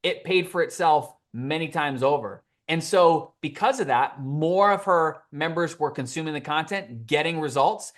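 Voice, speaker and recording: Animated male guest telling stories. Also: on the high side, normal speed, hardly any pauses. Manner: animated, acts out quoted dialogue. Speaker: podcast guest. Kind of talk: storytelling interview answer.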